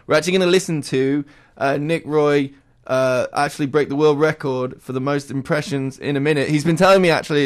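A male radio host talks into the studio mic in a chatty way, dropping in fillers as he sets up the next segment. His voice is smooth and fairly high for a man. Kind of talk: radio show hosting.

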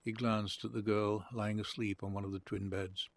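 A man reading a literary short story aloud. His narration is calm and measured. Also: fairly low pitch, vocal fry, no echo.

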